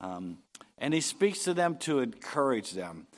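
A man preaching a sermon, reading scripture aloud and rising in pitch and force on key phrases. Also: sing-song. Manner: unhurried preaching, swelling louder and higher on key phrases. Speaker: pastor.

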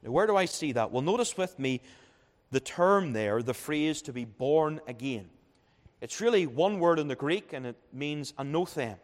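A man's voice: a little high, expressive, normal speed, in a large hall. A man preaching a sermon as pastor at a young adults' conference, emphatic, repeating key phrases and building up to each point. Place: church.

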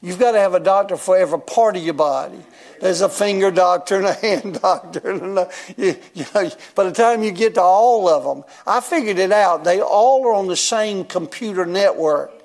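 Older man in his seventies, folksy rambling preacher, fairly high voice, chuckles a lot. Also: normal speed, a little mellow. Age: 70s. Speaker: guest preacher. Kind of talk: sermon storytelling.

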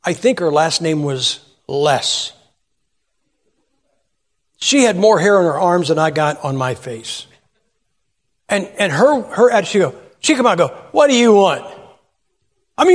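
A man's voice: high-pitched, big-room sound. A man preaching a humorous sermon in church, telling folksy stories, asking the crowd rhetorical questions and acting out voices. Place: church sanctuary.

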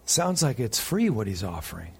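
A man preaching a sermon as pastor, reading scripture aloud and pausing for emphasis. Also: fairly low pitch, sing-song, creaky, breathy edge.

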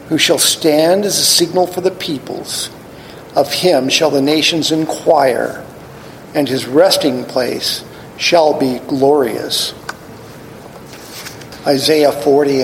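Slow gravelly preacher in a reverberant hall. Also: male voice, a little high, slight background noise. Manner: slow, deliberate scripture reading with rising emphasis. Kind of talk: sermon reading scripture. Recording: long hall reverb, faint ambience.

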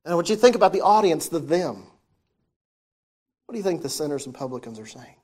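Preacher, mid-range voice, reads scripture then unpacks it with questions to the room, swings from loud to hushed. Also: mid-range voice, sing-song, fast, husky. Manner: reads old-style scripture aloud, then explains it with questions to the listeners; shifts often between loud emphasis and soft, hushed delivery. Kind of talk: sermon with scripture reading.

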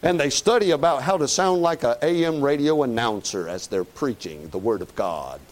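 A man's voice: mid-range voice, expressive, moderate pace. A man preaching a sermon in a folksy, conversational way, often asking "Amen?".

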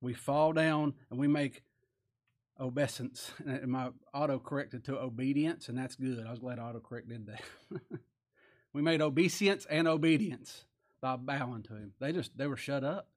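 This sermon comes from a man of medium pitch, a pastor whose style is folksy and animated. He gives scripture a slow, emphatic reading and then falls to nearly quiet asides.

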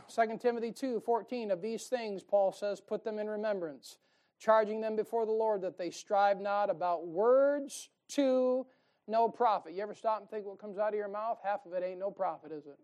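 A man's voice: high voice, moderate pace, a little mellow. A man preaching a fiery sermon from a church pulpit, folksy and emphatic. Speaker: pastor. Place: church sanctuary.

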